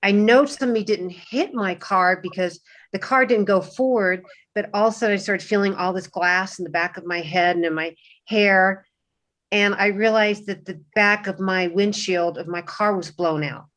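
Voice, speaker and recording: On a video call panel, a woman tells a personal story haltingly, full of restarts and fillers. Her voice is mid-range and a bit bright.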